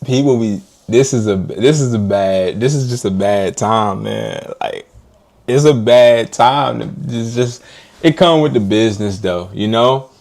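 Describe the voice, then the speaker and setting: A man ranting casually to his live stream viewers in an animated, slangy way, often laughing. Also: mid-range voice, unhurried.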